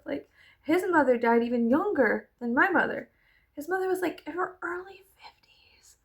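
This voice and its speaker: A young woman talks straight to her viewers in a loose, rambling vlog, laughing easily and swearing without a second thought. Her voice sits a little high and carries a gravelly, fry-laden edge. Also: sing-song, slow pace, pauses often, a bit bright. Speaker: vlogger. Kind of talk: casual chatty vlog.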